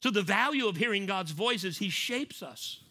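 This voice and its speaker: A man's voice: high-pitched, expressive, moderate pace, bright, forceful tone. A middle-aged man preaching a sermon in a conversational way, acting out little scenes and repeating key lines for emphasis. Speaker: pastor.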